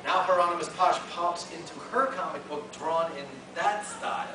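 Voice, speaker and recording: A man telling a self-mocking story in a lively, joking way to a convention audience, recorded from afar in an echoey hall. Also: on the high side. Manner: lively, joking, self-mocking, with quick restarts and acted-out voices. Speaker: guest artist at a fan Q&A. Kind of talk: animated storytelling at a convention panel. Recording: echoey convention hall from far off, loud noise.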